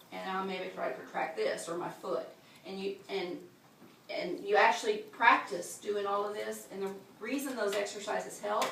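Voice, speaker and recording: In a birth center classroom, a woman teaches a childbirth class practically, demonstrating the moves with gestures as she explains them. Her voice is mid-range, creaky, and a bit bright. The mic is far off in an echoey room, with a little hiss or hum.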